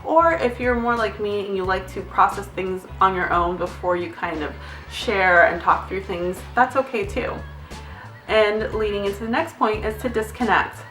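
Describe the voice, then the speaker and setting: Chatty, bright-voiced nurse giving candid advice. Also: female voice, medium pitch, moderate pace, roomy sound, far from the mic, soft background music. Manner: candid, chatty, reads notes from phone, occasional swearing. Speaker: nurse vlogger. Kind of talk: casual advice vlog.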